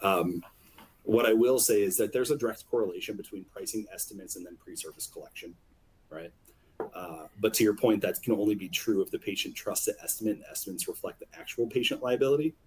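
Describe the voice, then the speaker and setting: A man's voice: on the low side, brisk, darkish tone. A man speaking as a panelist in a discussion, explaining at length and often tagging his points with "right?". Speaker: revenue cycle leader, panelist.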